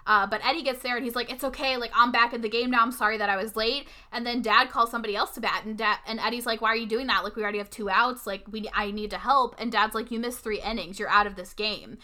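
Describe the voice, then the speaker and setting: A woman with a bright, forceful voice sits on the higher side, chatting through an episode recap. She keeps retelling scenes by slipping into short quoted lines from the characters. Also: fairly even intonation, fast talker, few pauses.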